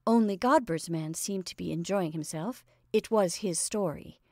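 A woman storyteller reading a classic short story aloud in a measured narration. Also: fairly low pitch, mellow, no room sound, studio quality.

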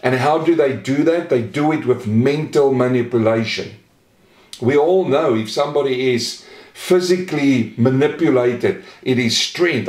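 Male pastor, mid-range voice, earnest sermon delivery with slow stressed readings, echoey room. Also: mid-range voice, a little mellow. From Australia. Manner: earnest, slows and stresses quoted verses.

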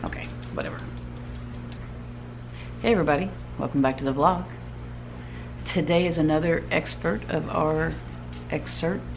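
A woman's voice: sits low, moderate pace, vocal fry, soft background music. A woman vlogger telling a travel story to camera in a chatty, easygoing way, laughing now and then.

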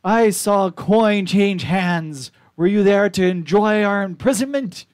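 A man voicing a tiny pebble creature elder who shouts in broken speech. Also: high-pitched, unhurried, clear, resonant tone, voice pushed up. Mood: accusing.

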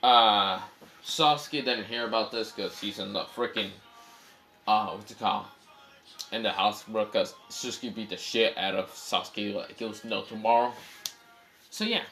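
A man's voice: fairly low pitch, normal speed, bright, forceful tone, faint music behind. A man casually telling an improvised fan story, rambling with many fillers, self-corrections and swearing.

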